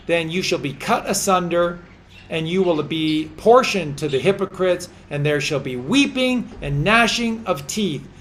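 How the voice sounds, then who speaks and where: A man with a fairly high voice delivers impassioned religious commentary as a podcast host. He talks very slowly, preachy and repetitive, urging his listeners on. Faint ambience hums behind him. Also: a little hiss or hum.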